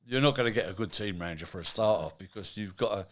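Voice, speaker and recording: A man's voice: on the low side, fast. An older man, a retired executive chatting in an interview and acting out what people said to him. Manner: chatty, acts out quoted dialogue. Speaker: retired manufacturing executive, guest. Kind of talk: casual interview.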